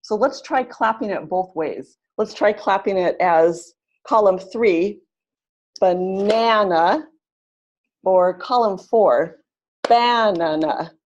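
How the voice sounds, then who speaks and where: A woman's voice: medium pitch, slow, a little mellow, muffled recording. Woman, webinar teacher, encouraging, repeats phrases, leads drills. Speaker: webinar facilitator, pronunciation teacher.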